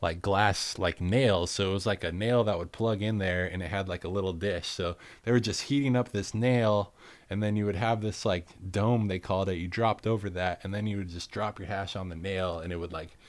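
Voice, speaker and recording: A man with a low voice talks through his craft in a relaxed, rambling way. He leans on fillers like "like" and "you know". The sound is dry and close. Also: moderate pace, no room sound. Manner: easygoing, explaining with lots of fillers. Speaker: glassblower guest. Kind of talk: casual chat.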